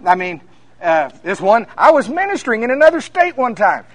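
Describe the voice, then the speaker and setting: A minister preaching at a conference, telling folksy stories that climb to emphatic peaks. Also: male voice, very high-pitched, sing-song, a little fast, a bit bright, no echo. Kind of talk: conference sermon.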